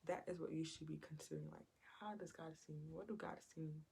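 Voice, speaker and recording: A woman's voice: low-pitched, steady tone, fast, creaky, a little mellow, slight background noise. A woman giving an informal Bible teaching in a conversational way, retelling scripture stories and acting out what the people in them say. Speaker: Christian preacher.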